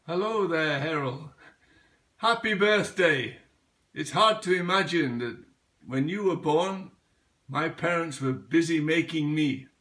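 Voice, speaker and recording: Guy talking real slow, sharp bright voice, deadpan bday jokes. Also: fairly high pitch. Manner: dry joking delivery. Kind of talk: casual birthday message.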